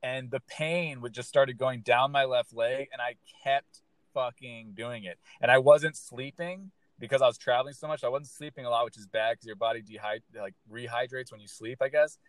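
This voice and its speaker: A man who works as a stand-up comedian, chatting casually and telling an animated story, swearing freely and acting out what people said. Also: medium pitch, moderate pace, no echo. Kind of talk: casual podcast chat.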